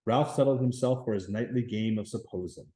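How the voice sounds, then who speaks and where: A man reading a novel aloud at a steady pace, with occasional small stumbles and restarts. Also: on the low side, fairly quick, poor audio. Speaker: reader.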